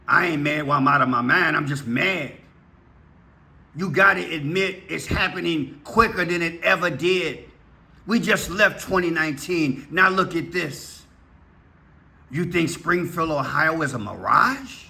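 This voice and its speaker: A man's voice: a little high, a little slow, gravelly, bright, forceful tone. A man preaching fervently to his viewers, urgent and impassioned, hammering points with repeated rhetorical questions. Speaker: preacher vlogger.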